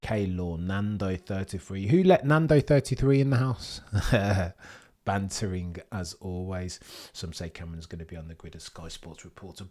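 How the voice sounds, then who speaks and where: A man's voice: sits low, normal speed, mellow. A young British man streaming live, chatting and bantering cheekily with his viewers. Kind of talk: casual live-stream chat.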